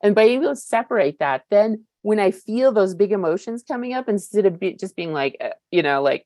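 A woman's voice: lowish voice, expressive, fairly quick, few pauses, darkish tone, dry recording. A woman in her fifties giving a personal recovery share, candid and searching, with many fillers and casual swearing. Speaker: recovery meeting speaker.

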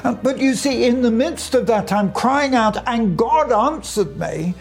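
An older man preaches in a high, light voice, taking his time over each phrase. He talks fervently and earnestly, quoting scripture, with soft music faintly under him. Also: expressive, unhurried, gravelly. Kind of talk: sermon.

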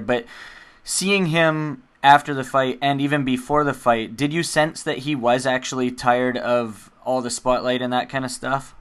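A man hosting an interview, asking long, measured questions. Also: medium pitch, a bit bright, clean tone. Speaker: host.

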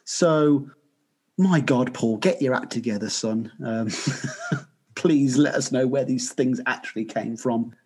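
Husky-voiced man hosting a podcast. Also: mid-range voice, slow pace, a little mellow. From Birmingham, England. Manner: joking, teasing, laughs often. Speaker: podcast host. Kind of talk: casual podcast chat.

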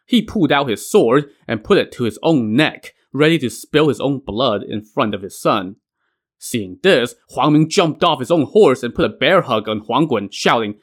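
A man's voice: mid-range voice, animated, moderate pace. A man casually retelling an old myth in wry, colloquial narration as host. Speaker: storyteller.

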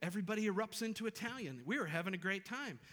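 A man's voice: high voice, animated, quick pace, sharp tone. A man preaching a sermon in a reverberant hall. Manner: conversational preaching, rising to emphatic repeated phrases. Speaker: pastor. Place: church sanctuary. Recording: long reverb of a large hall.

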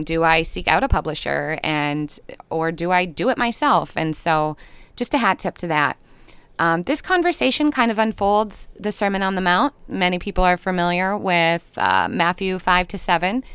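A woman with a Minnesotan accent, giving a podcast intro in a gentle, earnest, unhurried way. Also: fairly low pitch, clear, resonant tone, no echo. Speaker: podcast host. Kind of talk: reflective podcast intro monologue.

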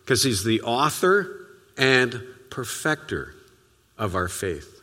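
A man preaching a sermon as a pastor, telling stories in a conversational way and often dropping to a soft, quiet voice. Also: medium pitch, big pitch swings, slow, in a large hall. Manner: conversational, storytelling preaching with sudden soft drops.

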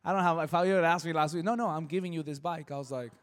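Guy pastor telling a story from the pulpit, high voice, acts out all the voices, big echoey hall. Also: quick pace. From Southern California. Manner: animated, acts out voices in his stories. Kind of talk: storytelling sermon. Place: church hall.

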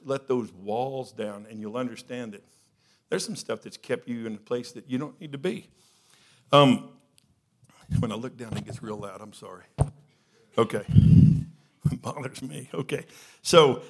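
A middle-aged man, preaching a sermon in a conversational, storytelling way, with frequent fillers. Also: mid-range voice.

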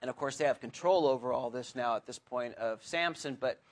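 A man's voice: medium pitch, a little fast. Chatty man teaching a Bible study. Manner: chatty and earnest, with many restarts and asides. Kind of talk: conversational sermon.

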